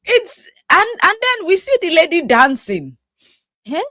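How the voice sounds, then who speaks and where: A woman, a life coach giving reaction commentary on a viral video, animated, laughing often and acting out the people she quotes. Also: very high-pitched, measured pace, dry recording, clean studio sound.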